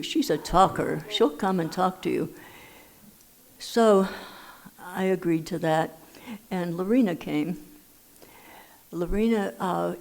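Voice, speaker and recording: Older lady from LA, low gravelly voice, wry storyteller at a meeting. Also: a little mellow. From Los Angeles. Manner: dry humorous storytelling. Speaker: AA speaker. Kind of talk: personal recovery story at a meeting. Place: meeting hall.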